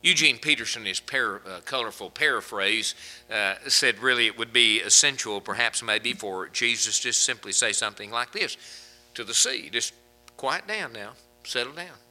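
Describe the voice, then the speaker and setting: A man's voice: lowish voice, normal speed, sharp tone, rough recording. A man preaching a sermon as pastor, folksy and conversational, chuckling between points.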